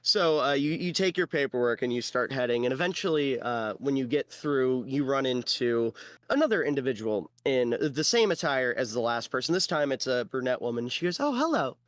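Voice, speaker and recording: A man narrating as game master in a relaxed way, with lots of fillers. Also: mid-range voice, moderate pace, no room sound.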